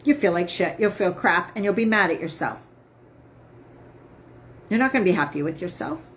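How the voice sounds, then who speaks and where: A woman's voice: on the low side, lively intonation, moderate pace, a little hiss or hum. A woman health coach talking casually to viewers on a live stream, emphatic and upbeat, often asking "right?".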